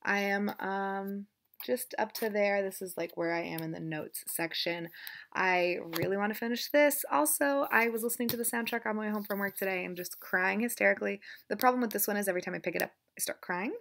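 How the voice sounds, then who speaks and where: A woman's voice: mid-range voice, a little fast, gravelly, a bit bright. A young woman casually chatting about her reading, rambling and self-deprecating. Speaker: book vlogger. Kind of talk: casual chat.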